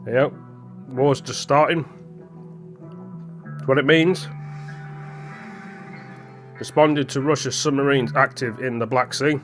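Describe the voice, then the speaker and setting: Casual vlogger man, mid pitch, stumbling reads, mouth full, faint music under. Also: fairly even intonation, takes it slowly, pauses often, fairly bright tone. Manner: rambling, stumbles over words, apologetic; talking with his mouth full. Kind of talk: casual commentary reading news off a screen.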